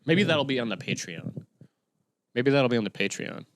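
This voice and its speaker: A young man tells a story on his own podcast in a loose, rambling way. He gets excitable and sometimes breaks into yelling, and his voice bounces all over the place. The sound is dry and close, with no room echo. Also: medium pitch, normal speed, pauses often. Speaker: podcast host. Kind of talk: casual solo podcast monologue.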